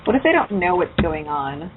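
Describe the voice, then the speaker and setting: A woman hosting a laid-back internet radio show. She chats in a loose, profane way. The sound is tinny and phone-like, with a faint hiss underneath. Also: fairly low pitch. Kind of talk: casual internet radio chat.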